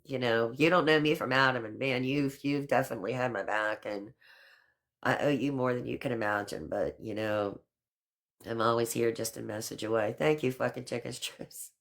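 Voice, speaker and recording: A middle-aged woman hosts a casual live stream, chatting warmly with her viewers and a friend. Her talk is loose and affectionate, full of "honey" and "girl.". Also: a bass voice, normal speed.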